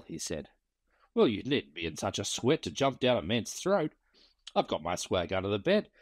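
A man's voice: mid-range voice, no room sound. A man doing a wry old bush yarn-spinner. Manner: dry, wry storytelling. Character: weathered male bushman spinning yarns.

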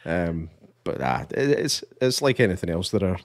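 A man with a Scottish accent, co-hosting a casual podcast, relaxed and hesitant, with dry humour. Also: deep voice, moderate pace, no room sound. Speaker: podcast co-host.

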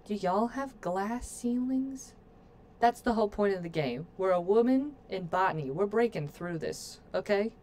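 A woman's voice: medium pitch, expressive, measured pace, darkish tone, slight background noise. A woman streaming a game, chatting playfully to her viewers as she plays. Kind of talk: casual gameplay commentary.

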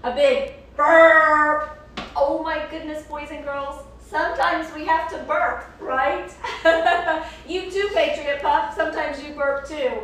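A woman with a high voice reads a picture book to children at an unhurried pace, animated and playful as she turns to a puppet and the kids between pages. The audio is heavily echoey and picked up from a distance, with a faint hiss behind her. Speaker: children's story reader and show host.

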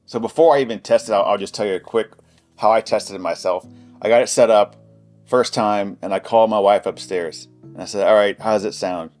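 Guy with a lowish voice doing a laid back gadget review, chatty, faint music behind. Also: fairly quick, a little mellow. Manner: chatty, anecdotal, loose and informal. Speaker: product reviewer. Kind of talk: casual product review.

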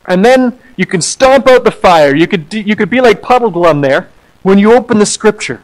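A man, an associate pastor, preaching a sermon in an animated way, acting out quoted voices and repeating words as he goes. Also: sits high, low-quality recording.

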